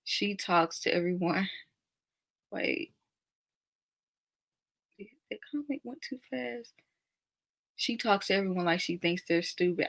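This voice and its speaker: A woman's voice: on the low side, bright, forceful tone. A young woman hosting a casual live stream, chatting and reacting to viewer comments with frequent laughter.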